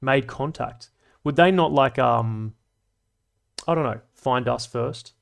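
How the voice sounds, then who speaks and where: A man's voice: medium pitch, takes it slowly, creaky. A man hosting a livestream, chatting casually and reading out comments, rambling, swearing and laughing often. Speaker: livestream host.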